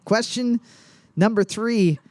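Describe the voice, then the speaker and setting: High-voiced man reading quiz questions. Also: no echo. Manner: joking, reads questions twice, slows down to read. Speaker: quiz host. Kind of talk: casual comedic trivia chat.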